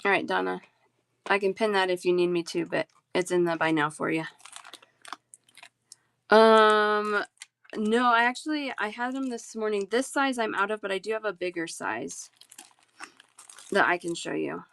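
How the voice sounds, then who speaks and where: A woman's voice: medium pitch, normal speed, creaky, pauses often, a bit bright, smooth. A woman hosting a live bead sale, chatting casually, answering viewers and rattling off prices and sizes. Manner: chatty, reads chat aloud and rattles off prices. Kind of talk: casual live-stream sales chat.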